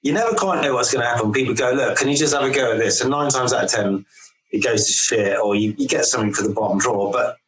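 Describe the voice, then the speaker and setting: Ad man on a video call, mid-pitched, animated and sweary, roomy sound. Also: fast talker. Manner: animated anecdotes, swears casually. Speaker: guest, advertising creative. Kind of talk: casual chat over video call. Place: home in LA. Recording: echoey home room on video call.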